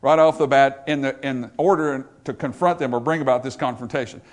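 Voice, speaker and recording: A man's voice: mid-range voice, fairly even intonation, brisk. A man preaching a sermon, emphatic, rising and dropping his voice for effect. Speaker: pastor.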